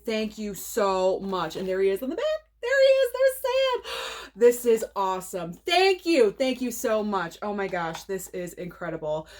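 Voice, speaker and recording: A woman hosting her movie channel in a casual unboxing vlog. She gushes and gets excited, gasping with delight, in a voice of ordinary middle pitch.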